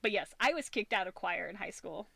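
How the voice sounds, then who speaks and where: A woman streaming from an upstairs room at home, chatting casually while she crochets and laughing often, her voice slightly husky from talking. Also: mid-range voice, expressive, a little fast, fairly bright tone, dry recording.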